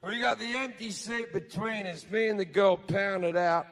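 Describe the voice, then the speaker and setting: An Australian man performing profane stand-up comedy, telling stories loudly on a big theatre stage. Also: high-pitched, fairly even intonation, moderate pace, in a large hall, noisy background. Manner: loud, profane storytelling with frequent shouting.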